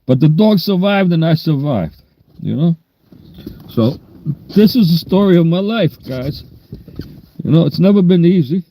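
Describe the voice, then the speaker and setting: A man's voice: fairly high pitch, expressive, a little slow, long pauses, mellow, slight background noise. A man in his sixties with a New York accent, telling stories in a rambling, down-to-earth way during a casual livestream. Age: 60s. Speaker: livestream host.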